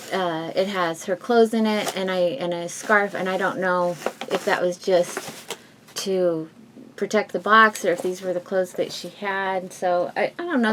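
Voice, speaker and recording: A woman with a lowish voice talks to her viewers from home in a loose, heartfelt way. She rambles, restarts her sentences and laughs softly as she goes. A faint hiss sits under the recording. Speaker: YouTube vlogger. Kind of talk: casual heartfelt talk to viewers.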